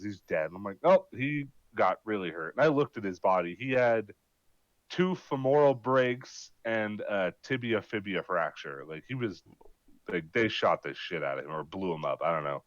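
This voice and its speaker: A man's voice: fairly low pitch, normal speed, no room sound. Swearing gamer man on dull voice chat. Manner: animated, swearing, acting out his own lines. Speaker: gamer telling a mission story. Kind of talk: casual profane storytelling over voice chat.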